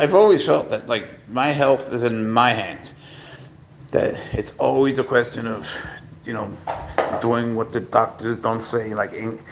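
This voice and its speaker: Gravelly man rambling at home. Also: mid-range voice, a little hiss or hum. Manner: rambling, profane, with sudden loud exclamations. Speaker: cat owner and vlogger. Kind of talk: casual rambling chat to viewers.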